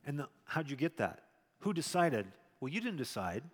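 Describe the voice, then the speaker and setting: A male pastor preaching a sermon in a conversational way, with loud emphatic stretches and quiet asides. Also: medium pitch, big pitch swings, moderate pace, long reverb tail.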